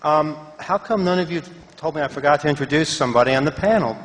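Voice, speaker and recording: A man's voice: fairly high pitch, animated, quick pace. A man moderating a conference panel, informal and joking, with hesitant fillers. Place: large conference hall. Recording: loud crowd in a reverberant hall. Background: a loud audience and clear noise.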